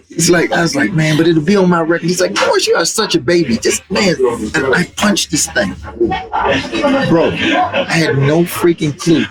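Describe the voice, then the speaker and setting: A middle-aged man telling stories in a relaxed, animated way as an interview guest, with many "man" fillers. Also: a little high, moderate pace, pauses often, over loud music, low-quality recording. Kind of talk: casual storytelling.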